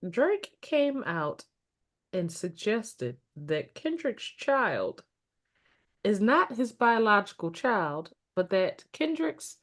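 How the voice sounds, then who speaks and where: A woman co-hosting a podcast who talks in an expressive way and hollers while retelling her reactions. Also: medium pitch. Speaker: podcast co-host. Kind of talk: casual chat.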